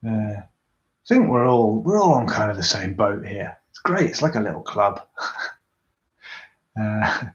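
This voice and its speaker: A man's voice: on the low side, big pitch swings, measured pace, pauses often. A man chatting casually on a live stream, rambling and poking fun at himself as he answers viewer comments. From Britain. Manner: rambling, self-deprecating, chatty. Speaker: YouTuber doing a live tinkering stream. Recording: roomy, dull recording.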